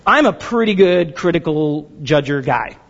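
Guy pastor giving a sermon, jokey and animated, high voice, kinda muffled lo-fi audio. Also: moderate pace, in a large hall. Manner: animated and joking, acts out quoted voices.

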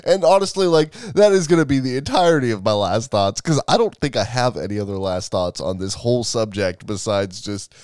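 A man's voice: mid-range voice, lively intonation, fairly quick, few pauses, darkish tone, clean tone, no room sound, studio quality. A man co-hosting a podcast in casual chat, rambling loosely, swearing and laughing often. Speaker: podcast co-host.

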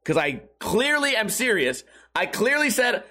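A man's voice: sits high, sing-song, unhurried, pushed and bright. A man hosting a casual live-streamed podcast, rambling, profane and self-mocking. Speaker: podcast host.

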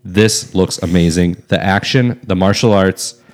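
A man co-hosting a casual podcast chat, making dry deadpan jokes. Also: low-pitched, a little slow. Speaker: podcast co-host.

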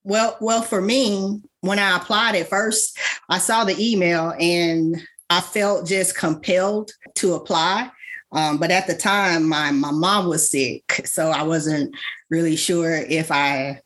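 A woman's voice: on the low side, steady tone, slow pace, a bit bright. A woman being interviewed, telling a personal story sincerely, with hesitations and fillers.

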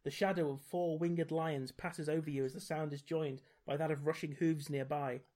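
A man's voice: a little high, steady tone, moderate pace, darkish tone. A man reading a gamebook aloud as podcast host, dropping dry, wry asides. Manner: dry, wry commentary between read passages.

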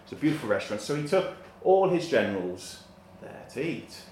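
A man's voice: medium pitch, big pitch swings, fairly quick, darkish tone, reverberant. A man telling a comic story on stage in a live venue, laughing at his own jokes. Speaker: comedian. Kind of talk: stand-up storytelling.

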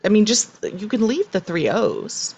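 A woman's voice: mid-range voice, animated, unhurried, a little mellow, breathy edge. A woman co-hosting a podcast, chatting casually with strong opinions and easy laughter. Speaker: podcast co-host. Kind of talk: casual chat.

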